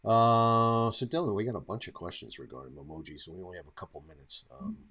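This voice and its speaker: Guy hosting a live q&a, deep husky voice, lots of uhs and ums. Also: lively intonation, fast, fairly bright tone. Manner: hesitant, many fillers. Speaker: webinar host. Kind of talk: moderating live Q&A.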